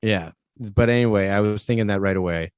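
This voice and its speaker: A lower-voiced man chats through a movie plot, rambling and laughing often. He acts out bits of dialogue along the way. His voice sits close to the mic in a dry, dead room. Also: brisk, clear, resonant tone, dry recording. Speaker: podcast co-host. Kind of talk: casual movie review chat.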